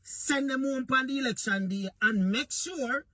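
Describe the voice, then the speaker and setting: A man's voice: very high-pitched, unhurried, sharp tone, dry recording. A man with a Jamaican accent delivering an impassioned political rant, repeatedly calling out to his audience. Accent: Jamaican Patois. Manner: fiery, preachy, repeatedly addresses Jamaica. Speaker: political commentator.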